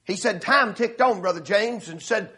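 A male preacher telling a story in a sermon, swelling into shouts and laughter. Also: sits high, normal speed.

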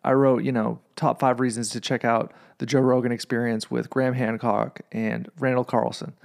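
A man's voice: mid-range voice, little pitch movement, normal speed, vocal fry, a little mellow. A young man hosting a podcast, telling a rambling story with lots of swearing and filler words. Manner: rambling, profane, fillers like "you know what I mean". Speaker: podcast host. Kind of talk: casual storytelling monologue.

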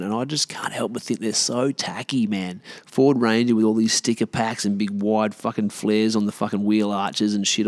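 An Australian man in his late thirties, a podcast host, ranting alone in a rambling, profane, sarcastic way. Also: fairly low pitch. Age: 30s. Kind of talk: solo rant.

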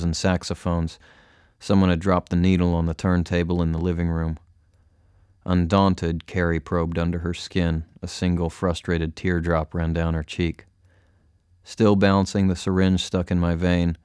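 A man narrates a first-person story in a very deep, level voice. His tone is smooth and clear, and the close recording is completely dry. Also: a little mellow, no echo. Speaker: audiobook narrator.

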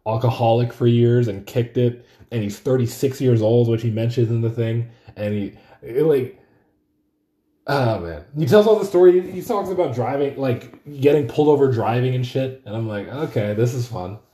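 A young man rambles through a casual solo podcast, swearing freely and circling back to fix his own words. His voice is dark and mellow. The recording carries a roomy, echoey sound. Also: medium pitch, normal speed. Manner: rambling, profane, self-correcting. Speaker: podcast host. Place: room at home.

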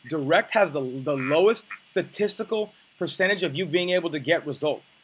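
A man's voice: on the high side, animated, normal speed, fairly bright tone, husky. A young man coaching on dating, talking bluntly and casually, with profanity and many restarts.

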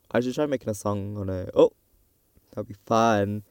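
A young man hosting a casual solo podcast, rambling and mocking himself with sudden loud outbursts, recorded on a tablet. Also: lowish voice, quick pace, no room sound, studio quality. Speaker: podcast host. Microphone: tablet recording app.

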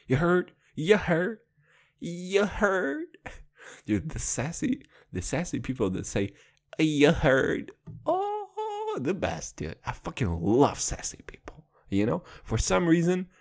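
A hoarse man in his twenties ranting casually, profane, rambling and mock-dramatic. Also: a little high. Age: 20s. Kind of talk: casual comic rant.

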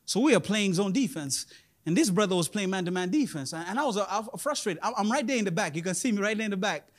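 A man in his thirties preaching a sermon as pastor, animated, laughing often and rising to loud emphasis. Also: high voice, quick pace. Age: 30s. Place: church in Indonesia.

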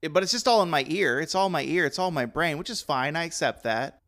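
A man's voice: fairly high pitch, expressive, quick pace, fairly bright tone. A man co-hosting a podcast, telling a long story in a rambling, self-mocking way with frequent laughs. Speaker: podcast co-host. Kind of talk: casual chat.

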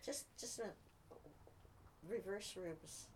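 A woman's voice: medium pitch, a little slow, background noise. A woman in a writing group giving casual, chatty feedback on a story and laughing easily.

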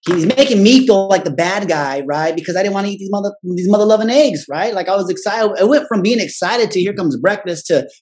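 Blunt and profane, a man with a high, slightly mellow voice loosely relates something personal. He tacks a questioning "right?" onto almost every phrase and briefly mimics his relatives when he quotes them.

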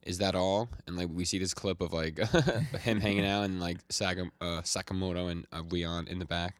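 A man's voice: sits low, fairly even intonation, normal speed, no echo. A man co-hosting a podcast, casually recapping manga chapters and quoting the characters with small voice shifts and frequent laughs. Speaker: podcast co-host.

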